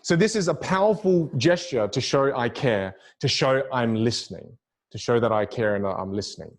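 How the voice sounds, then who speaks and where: A man teaching public speaking to a virtual audience, with a lively, demonstrative delivery that swings his pitch widely and repeats key phrases for emphasis. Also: normal speed.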